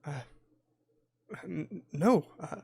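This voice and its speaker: A man's voice: fairly high pitch, extremely slow, gravelly, warm tone, voice pushed up, full character voice. A man voicing a formal, apologetic airship captain, speaking with many hesitations. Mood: reassuring. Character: apologetic middle-aged male airship captain. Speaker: game master.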